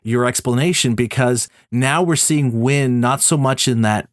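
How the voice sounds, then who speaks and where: Canadian man as podcast host, mid-pitched, thoughtful long questions, dry close sound. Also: measured pace, no echo. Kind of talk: conversational interview.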